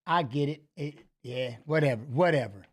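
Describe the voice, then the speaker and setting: A middle-aged man with a fairly high voice, talking in a loose, animated way. He tells a story in casual chat, swears freely and keeps restarting his sentences. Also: normal speed. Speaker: co-host of a fight preview show.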